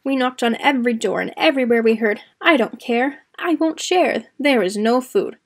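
A clever, jolly wandering cook played by a woman coaxes a whole village in a storybook tale. He speaks in a showy, sing-song chant with a fairly high, bright tone. The reading is lively and playful. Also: moderate pace. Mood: cheerful. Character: clever cheerful male traveling cooks.

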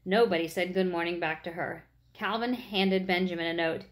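A woman reading a children's chapter book aloud, with expressive narration. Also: fairly low pitch, normal speed, few pauses. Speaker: reader.

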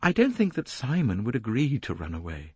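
Rich young English woman, proud and defensive, higher-pitched, clipped and pleading, man voicing her, audiobook. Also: huge pitch swings, fairly quick, slightly rough, no room sound, exaggerated voice. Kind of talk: audiobook character reading.

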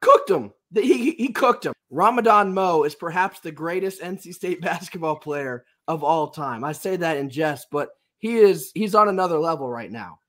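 A man hosting a sports podcast with a raspy, under-the-weather voice, enthusiastic and emphatic. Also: on the high side, lively intonation, moderate pace, hardly any pauses, a bit bright. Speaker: podcast host.

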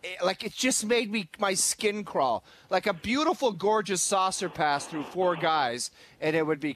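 A male sports radio co-host in studio, talking in an animated, casual way with a slightly high voice. He often slips into exaggerated impressions of people while telling stories. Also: moderate pace, few pauses.

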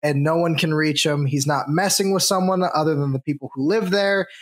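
Animated man co-hosting a gaming podcast. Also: on the high side. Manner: animated, acts out villagers in quick bits. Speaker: podcast co-host. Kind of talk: casual tabletop gaming chat.

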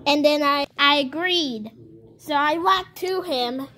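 A woman voicing a small, naive, earnest baby toy in a homemade toy story, telling its tale in a rambling, halting way with many restarts. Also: sits high, pushed and bright, full character voice. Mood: plain.

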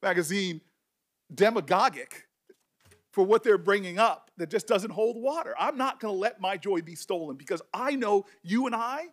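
A man's voice: high voice, lively intonation, fairly bright tone. A middle-aged man, a senator, speaking with emotion and passion at a hearing, often restarting his words. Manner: emotional, impassioned, halting restarts. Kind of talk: speech at a hearing.

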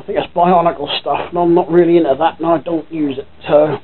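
Norfolk bloke rambling on in a home vlog, bit high voice, swears casually, tinny lo-fi mic. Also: male voice, fairly even intonation, brisk, a little hiss or hum. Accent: Norfolk English. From Norfolk, England. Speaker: vlogger. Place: at home by his computer.

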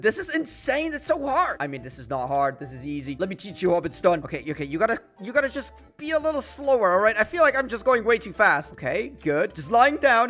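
A young man narrates his gameplay in a jokey, excitable way, breaking into dramatic outbursts. His voice sits high for a man. Faint music plays behind him. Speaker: gaming YouTuber. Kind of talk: gameplay commentary.

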